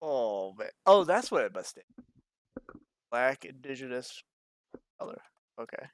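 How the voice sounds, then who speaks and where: A young American man co-hosting a podcast in loose, joking chat, with a bouncy, expressive pitch that swings up and down. His voice is dry and close, with no room echo. He swears freely and riffs on crude jokes. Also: unhurried, clear, resonant tone. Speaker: podcast co-host. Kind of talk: casual live-stream chat. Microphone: stream microphone.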